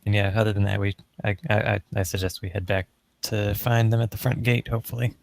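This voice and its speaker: Deep gravelly male player. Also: steady tone, quick pace. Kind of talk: casual table talk.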